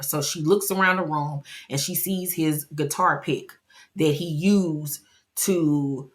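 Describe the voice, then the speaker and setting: Low-voiced woman recapping a show. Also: normal speed. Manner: chatty and expressive, acting out quotes. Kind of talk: casual episode recap.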